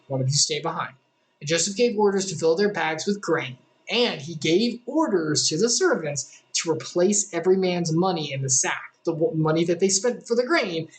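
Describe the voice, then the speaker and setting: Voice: medium pitch, poor audio. A Bible study leader who reads scripture aloud and then paraphrases it in casual, chatty terms, with plenty of fillers.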